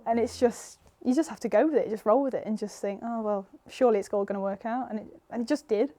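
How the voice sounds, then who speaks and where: A woman's voice: a little high, fast talker, mellow. A young woman with an English accent, chatting casually as an interview guest, full of "like" and "you know". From England. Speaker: guest footballer.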